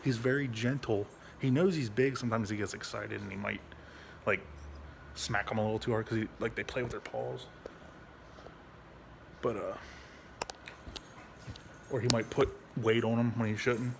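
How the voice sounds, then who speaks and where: A veteran vlogger talks bluntly and rambles in a casual home vlog, swearing a lot and restarting his sentences. His gravelly voice is steady and moves at a normal speed, with frequent pauses over a noisy background. When he speaks to his dog, he switches to a high baby-talk voice.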